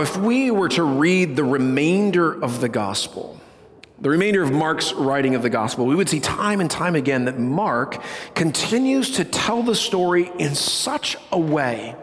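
A man preaching a sermon to a congregation, animated, with loud bursts and hushed low passages. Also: in a large hall. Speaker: pastor. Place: church sanctuary.

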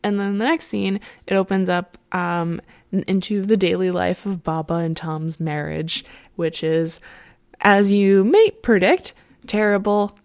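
Rambling young woman with vocal fry. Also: medium pitch, measured pace, a little mellow. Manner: rambling, many fillers and "like"s, laughs often. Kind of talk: casual chat, retelling an opera plot.

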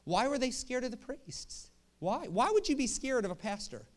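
A man preaching a sermon in a jokey, animated way, often checking in with the crowd with quick questions. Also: extremely high pitch. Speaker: pastor.

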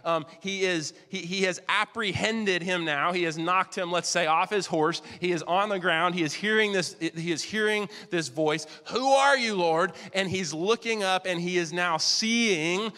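A male pastor delivers a sermon, and his voice is bright and slightly higher than most men's. He reads scripture dramatically and stretches out the words he wants to land. A long reverb trails behind him, like a large hall. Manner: preaches with dramatic read-aloud quotes and slowed emphasis.

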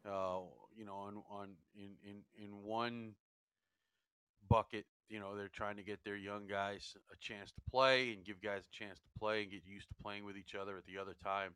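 A man's voice: fairly low pitch, little pitch movement, normal speed, a bit bright, clear, resonant tone, no room sound. A man co-hosting a sports radio show, teasing the host and restarting his sentences often. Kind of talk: casual sports radio banter.

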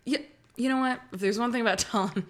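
A woman's voice: fairly high pitch, fast. A woman co-hosting a comedic chat show, telling stories with lots of animation and reading listener posts aloud. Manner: animated storytelling with bursts of silly loud voices. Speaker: podcast co-host.

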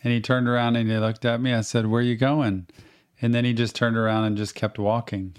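A middle-aged man telling childhood stories on a podcast in a relaxed, chatty way. He gets animated as he recounts old anecdotes. His voice sits in an ordinary middle pitch. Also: fast, smooth. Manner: animated anecdotes with acted-out quotes. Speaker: podcast co-host. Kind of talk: casual storytelling chat.

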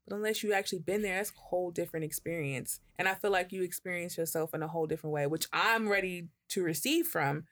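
A woman's voice: on the low side, fast, hardly any pauses. A woman co-hosting a podcast, telling stories in casual chat, swearing, laughing and acting out the voices of people she quotes. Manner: animated storyteller, acts out quoted voices, laughs and swears freely. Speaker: podcast co-host.

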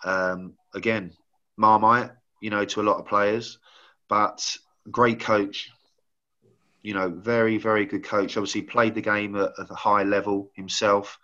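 A middle-aged man with a bright, forceful tone and a slightly low voice, telling old stories in a loose, rambling way. He leans heavily on "you know" as he talks. The audio sounds dull and lo-fi. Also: flat delivery, a little slow. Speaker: former footballer guest. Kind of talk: casual anecdote-telling.

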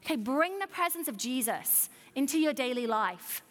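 High-voiced bright woman preaching in a hall. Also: animated, moderate pace. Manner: earnest, emphatic, with rhetorical questions to the congregation. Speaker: pastor. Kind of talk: sermon. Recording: long hall reverb.

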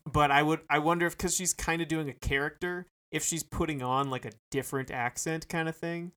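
A man's voice: on the high side, fairly even intonation, brisk, pushed and bright. A man co-hosting a casual music podcast, rambling with lots of fillers and restarts. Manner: rambling, hesitant, many fillers. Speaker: podcast co-host. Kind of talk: casual chat.

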